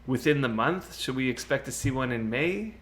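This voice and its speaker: A man of middle pitch rambles casually through a game live stream, peppering his talk with "you know" and easy laughs. He answers his viewers' chat directly, and faint game ambience murmurs behind him. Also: lively intonation, normal speed, a bit bright, a little hiss or hum. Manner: laughs often, with many fillers like "you know".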